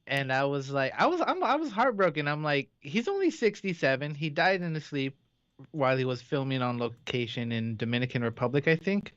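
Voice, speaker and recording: A man's voice: a little high, very animated, fairly quick, a bit bright, dry recording, dull audio. A man co-hosting a radio show, chatting casually and often correcting himself mid-sentence. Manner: conversational, self-correcting. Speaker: radio co-host. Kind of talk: casual on-air chat.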